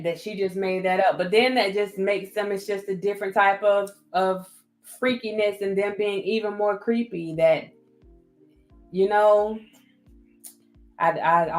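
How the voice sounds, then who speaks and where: A woman with a Southern US accent hosting a casual livestream, reading viewer comments and thanking people by name again and again. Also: mid-range voice. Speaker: livestream host. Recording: roomy echo with faint music.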